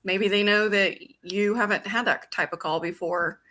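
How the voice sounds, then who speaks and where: A woman's voice: medium pitch, fairly even intonation, normal speed, sharp tone. A woman guest, a retiring dispatch supervisor, answering interview questions in a plain-spoken way.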